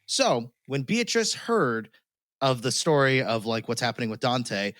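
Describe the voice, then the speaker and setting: A man's voice: mid-range voice, expressive, unhurried, a bit bright, dry recording. A man hosting a podcast, retelling a story in casual chat, laughing often and swearing freely. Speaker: podcast host.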